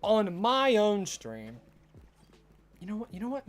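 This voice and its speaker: Live game streamer, rambling jokes, excited shouts, slow delivery, wide pitch swings.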